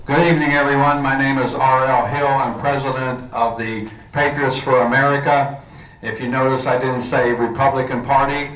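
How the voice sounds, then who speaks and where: A man's voice: mid-range voice, flat delivery, moderate pace, a bit bright. A man, president of a political group, giving a plain, announcing speech to a crowd. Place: event hall. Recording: echoey room, from far off, crowd noise.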